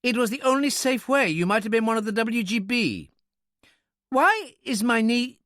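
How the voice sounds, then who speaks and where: Man voicing a high, indignant little islander, precise speech, suspicious, audiobook. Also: animated, moderate pace, no room sound, studio quality. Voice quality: precise, clear English. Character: proud wary little island man, middle-aged.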